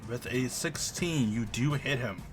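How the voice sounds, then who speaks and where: A man's voice: medium pitch, unhurried, music in the background. A man running a tabletop game as game master, narrating casually with plenty of "like" and "kinda". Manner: casual, full of fillers and restarts.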